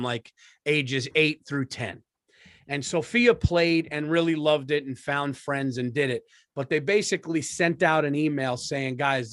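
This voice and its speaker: A middle-aged man from the United States, co-hosting a podcast and telling a story in an animated, profane way. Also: a little high, no room sound. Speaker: podcast co-host. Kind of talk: casual comedic storytelling. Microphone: studio microphone.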